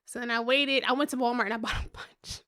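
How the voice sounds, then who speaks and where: Bright-voiced woman in her thirties. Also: a little high, fast, clean tone, dry recording, clean studio sound. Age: 30s. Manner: animated storyteller, swears freely, acts out quotes. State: pregnant. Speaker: podcast co-host. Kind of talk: casual chat.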